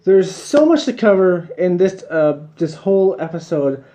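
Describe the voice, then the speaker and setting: A man's voice: sits high, big pitch swings, a little slow, dark tone. A man giving a casual, rambling video review of a cartoon episode, repeating himself and chuckling between points.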